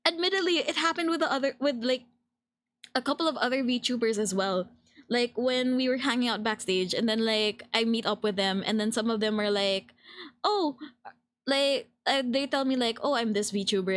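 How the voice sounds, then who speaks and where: A young woman telling a story on a late-night stream, giggly and excitable, slipping into Tagalog words. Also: on the high side, fairly quick. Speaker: VTuber streamer.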